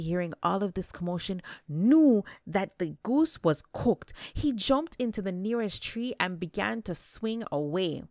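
A woman telling folktales aloud, animated and dramatic, stretching words for effect. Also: fairly low pitch, no echo, studio quality. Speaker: storyteller. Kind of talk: folktale storytelling.

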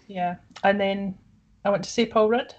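A woman co-hosting a podcast in casual chat, chatty and quick to laugh. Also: medium pitch, steady tone, a little mellow, low-quality recording. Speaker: podcast co-host.

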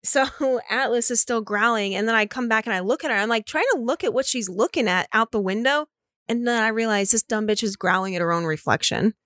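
A woman in her thirties from Florida, co-hosting a podcast and telling stories in an animated, profane way. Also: a little high, a little fast, no echo, studio quality. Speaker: podcast co-host. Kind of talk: casual chat.

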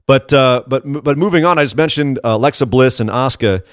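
A man co-hosting a podcast, venting in an animated, sarcastic way. His voice sits in a middle register. The recording is dry and close, with no room sound. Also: medium pitch, quick pace, no room sound. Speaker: podcast co-host. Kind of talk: casual wrestling commentary chat.

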